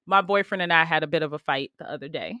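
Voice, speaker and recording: A woman hosting a podcast in casual chat, telling stories in a matter-of-fact, animated way. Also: deep voice, fast, clear, resonant tone, dry recording, studio quality. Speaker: podcast host.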